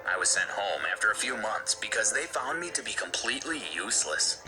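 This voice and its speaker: Guy doing a soft kind dad voice telling stories, bg music. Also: on the low side, sing-song, fairly quick, rough recording. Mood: gentle. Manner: warm storytelling, gentle. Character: kind, gentle biological father. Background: background music.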